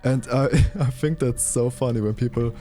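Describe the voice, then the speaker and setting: A man's voice: medium pitch, moderate pace, dark tone, soft background music. A man streaming a game, rambling casually to his viewers with frequent restarts and self-corrections. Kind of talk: casual gaming commentary.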